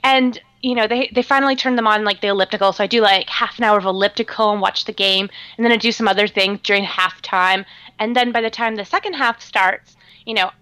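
A woman from Canada, a podcast co-host calling in over the line, chatting casually and telling stories with lively acted-out voices. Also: medium pitch, a little fast, clean tone, no echo. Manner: animated storyteller acting out other people's voices. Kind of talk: casual chat. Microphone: phone line.

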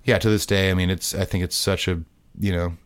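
A man's voice: deep voice, a little fast, no room sound. A man co-hosting a podcast, talking casually with lots of fillers and restarts. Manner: relaxed, rambling with restarts and fillers. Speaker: podcast co-host. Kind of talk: casual chat.

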